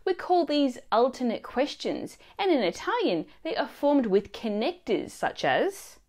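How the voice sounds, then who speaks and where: A woman narrating a scripted language lesson in a clear, expressive teaching manner. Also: sits high, measured pace. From Australia.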